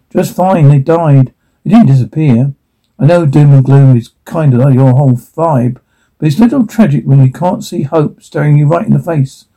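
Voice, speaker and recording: Guy reading a tv script out loud, all the parts, husky mellow voice, trips on words sometimes. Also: a little high. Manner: plain reading with stage directions, stumbles over words. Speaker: reader of a TV episode transcript.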